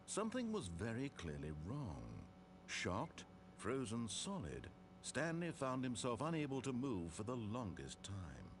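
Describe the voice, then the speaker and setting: A man's voice: mid-range voice, huge pitch swings, noisy background. An actor playing a wry, all-knowing male game narrator who tells the story in a dry, theatrical way and teases the player. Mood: measured. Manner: dry, mocking, drawn-out storytelling.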